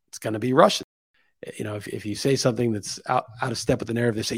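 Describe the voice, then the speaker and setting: A man of ordinary pitch talks through his views in a loose, musing monologue. He thinks aloud and climbs higher and louder to hammer home a point. The sound is dry and close, with no room echo. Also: a little fast, creaky. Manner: opinionated, thinking aloud, rising emphasis on key points. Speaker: podcast host. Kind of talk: casual opinion monologue.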